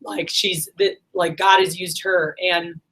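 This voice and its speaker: A woman's voice: lowish voice, level tone, slow pace, fairly bright tone. A woman in her thirties telling a personal story in a casual, rambling monologue full of fillers. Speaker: vlogger.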